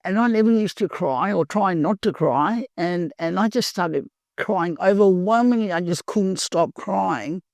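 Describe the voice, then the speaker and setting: An older woman from Perth with an Australian accent, telling her recovery story in a halting, earnest way, full of pauses. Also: fairly low pitch, a little mellow, no room sound. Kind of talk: personal recovery testimony.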